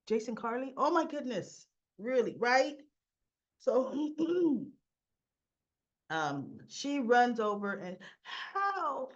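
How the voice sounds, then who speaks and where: A woman casually recapping a soap opera episode, acting out the characters' lines, with a cough and frequent throat clearing. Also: a little high, animated, takes it slowly, dull audio. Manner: chatty, acts out characters' lines in quotes.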